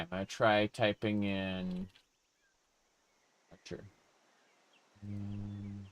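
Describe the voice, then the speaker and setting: A man chats his way through a game stream, playful and joking as he reads chat aloud. His voice is low and clear, and he takes his time. The sound is dry and close. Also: fairly bright tone, no room sound. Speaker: gaming streamer. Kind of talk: casual live gameplay commentary.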